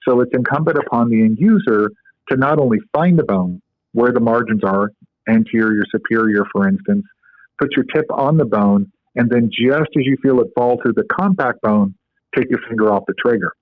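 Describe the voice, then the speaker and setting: A man on a podcast explains a practical medical technique step by step, dropping in ums and stories along the way. His voice sits at a middle pitch. The audio is narrow and tinny, like a phone call, and dry with no echo. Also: normal speed. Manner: instructive storyteller, explains step by step with fillers. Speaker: guest, co-inventor of a medical device. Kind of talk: podcast interview.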